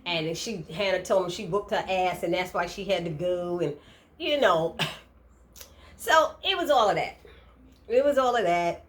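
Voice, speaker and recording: A woman recapping a TV episode in a casual, animated way, laughing and acting out the characters' lines. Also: fairly low pitch, moderate pace. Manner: expressive, laughing, acts out quotes. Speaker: TV recap vlogger.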